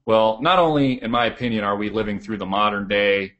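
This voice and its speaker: A deep-voiced man talking on his radio show from an office. He rambles and stacks up filler words as he rants against the wealthy elite. It is a loose, monologue-style delivery. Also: brisk, a bit bright, muffled recording. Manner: filler-heavy, ranting about elites. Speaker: radio talk host.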